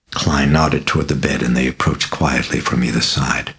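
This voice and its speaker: Super deep male voice narrating a horror audiobook, measured. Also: steady tone, a bit bright, poor audio. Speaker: author reading his book.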